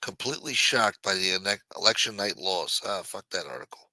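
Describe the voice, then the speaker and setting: A man's voice: deep voice, lively intonation, a little fast, pushed and bright, no echo, rough recording. A man hosting a late-night livestream who rants casually and reads news aloud in a profane, blunt and mocking manner. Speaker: livestream host. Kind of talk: casual ranting commentary.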